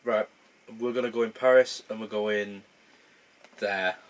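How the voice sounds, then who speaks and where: A man's voice: on the low side, fairly even intonation, unhurried. A young man thinking aloud in casual gameplay commentary, rambling and poking fun at himself. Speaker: gaming channel host.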